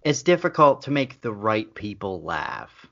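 A man's voice: on the low side, very animated, a little slow, vocal fry, a bit bright, highs cut off. A man co-hosting a podcast in casual comedy chat, telling stories in a dry, matter-of-fact way. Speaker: podcast co-host.

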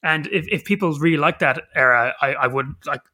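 A man in his thirties chats on a podcast with a bright, sharp tone. He rambles and swears freely, getting animated as he talks through his thoughts. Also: on the high side, brisk. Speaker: podcast co-host. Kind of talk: casual chat.

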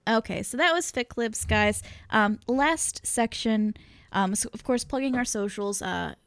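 A woman's voice: on the high side, unhurried, creaky. A woman co-hosting a podcast, talking in a loose, chatty, informal way. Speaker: podcast co-host. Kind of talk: casual chat.

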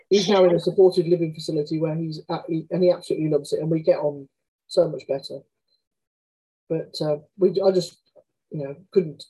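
Frank woman with a dark husky voice. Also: low-pitched, low-quality recording. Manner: frank, chatty, often acts out quoted dialogue. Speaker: author guest. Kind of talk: candid conversational anecdotes.

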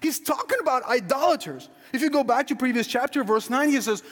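Male pastor, high voice, emphatic sermon delivery with big swings in loudness, church hall reverb. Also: lively intonation, fairly quick, hardly any pauses. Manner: emphatic, questioning, rising to near-shouts then dropping low. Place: church sanctuary.

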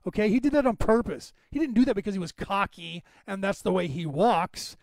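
Podcast host, male, high-pitched, emphatic and chatty, dry unechoing room. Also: animated, fairly quick, gravelly, no echo. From Northern California. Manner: rambling, emphatic, addresses listeners by name. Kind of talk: casual monologue to listeners.

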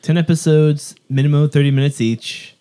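A man's voice: fairly high pitch, fairly even intonation, moderate pace, mellow. A man co-hosting a casual podcast, making wry joking asides. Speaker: podcast co-host.

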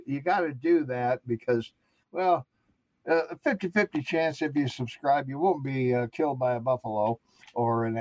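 A man's voice: medium pitch, no echo, rough recording. Man co-hosting, casual rambling chat. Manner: relaxed, rambling with fillers. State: morning throat, clearing throat. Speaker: co-host of an online show.

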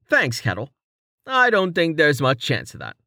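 A man voicing a young male adventurer who speaks flatly and dryly. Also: on the high side, normal speed, vocal fry, no room sound, pitched above the performer's own voice, heavily acted. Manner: flat, dry. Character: young male adventurer leader, dry humored.

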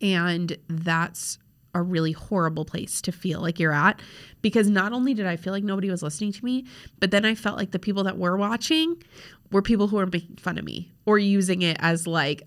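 With a voice on the low side and a moderate pace, a young woman hosts a podcast as a social media coach. Seated at a home desk with a laptop, she talks casually and frankly, dropping in lots of fillers.

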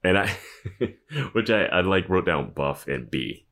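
A man with a very deep voice that still swings widely in pitch, chatting in an amused, easy way. He keeps jumping in with his own comments on the episode. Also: big pitch swings, slow pace, a bit bright. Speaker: podcast co-host. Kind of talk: casual TV recap chat.

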